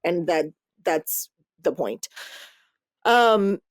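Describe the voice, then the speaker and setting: A woman hosting a podcast, chatting casually about books she read, lively and loose, cursing freely as she goes. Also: lowish voice, very slow, no room sound, clean studio sound. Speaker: podcast host. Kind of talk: casual book review chat.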